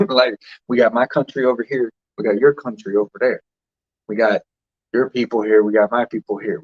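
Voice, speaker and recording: A man's voice: on the low side, highs cut off. A man hosting a casual spiritual talk, rambling loosely with restarts and short laughs. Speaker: spiritual vlogger host.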